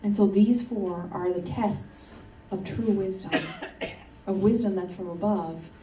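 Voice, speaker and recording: A woman's voice: medium pitch, slow, dark tone, a little hiss or hum. A woman preaching a sermon in an earnest, emphatic way, repeating her key points. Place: church hall. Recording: roomy church audio from a distance.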